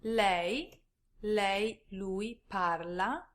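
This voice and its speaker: A woman modeling words for a language lesson, saying each one carefully and clearly. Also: medium pitch. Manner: slow, carefully enunciated model pronunciation. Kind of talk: slow pronunciation drills.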